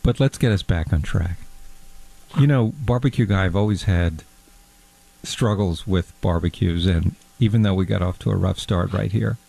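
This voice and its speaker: A man playing fussy, gravelly Fondue Guy. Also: low voice, normal speed, dark tone, exaggerated voice. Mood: prim. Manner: pompous, hesitant, easily hurt. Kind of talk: comedy character bit.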